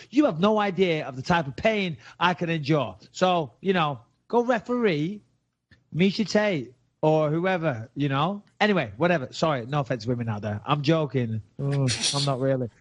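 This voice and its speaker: A man's voice: fairly high pitch, animated, normal speed, highs cut off. A British man, a retired fighter, co-hosting a podcast with brash, profane, provocative joking. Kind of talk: casual podcast banter.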